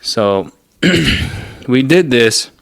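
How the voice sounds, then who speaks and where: A man's voice: medium pitch, animated, very slow, creaky, a bit bright, no room sound, clean studio sound. A young man hosting a podcast, telling a story in a casual, profane and exasperated rant. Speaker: podcast host. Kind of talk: casual ranting monologue.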